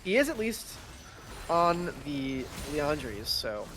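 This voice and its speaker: A man's voice: fairly high pitch, very animated, slow pace, fairly bright tone, slight background noise. A man giving analytical color commentary on an esports match, chatty and light, often searching for words. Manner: chatty, laughing, fumbling for words.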